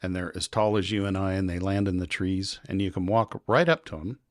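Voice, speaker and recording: A man, a podcast guest, telling animated, rambling stories in casual chat. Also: low-pitched, brisk, dry recording, clean studio sound. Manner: rambling, animated anecdotes with quoted voices. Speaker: podcast guest, local publisher.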